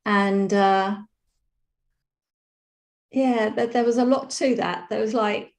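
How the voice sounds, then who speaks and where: Woman, mid-pitched, calm reflective storyteller, roomy video-call sound. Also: slow pace. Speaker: program participant sharing a story. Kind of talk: casual personal sharing on a video call. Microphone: video call microphone.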